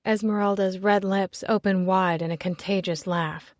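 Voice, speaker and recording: A woman narrating a first-person romance audiobook in an expressive storytelling voice. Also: medium pitch, unhurried, hardly any pauses, no room sound, clean studio sound.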